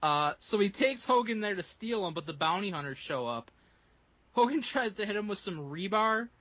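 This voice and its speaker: A man's voice: sits high, expressive, normal speed, pushed and bright, no room sound, highs cut off. A man co-hosting a podcast, recapping a movie in casual, profane chat and laughing often. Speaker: podcast co-host recapping a film.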